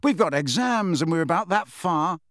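An excitable, easily rattled teenage schoolboy, as a male audiobook reader puts him on. His voice leaps upward whenever he is indignant or surprised. The recording is close and dry. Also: a little high, normal speed, no echo, voice pushed up.

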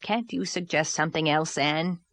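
A woman's voice: low-pitched, a bit bright, dry recording. A woman voicing a stern, practical older woman in a storybook reading. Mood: weary. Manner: dry, sober, measured.

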